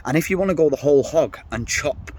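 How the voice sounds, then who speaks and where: A man's voice: fairly high pitch, animated, fast, a little mellow, slight background noise. Man, middle-aged, blunt, sweary, rambling vlog rant, casual talk. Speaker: vlogger.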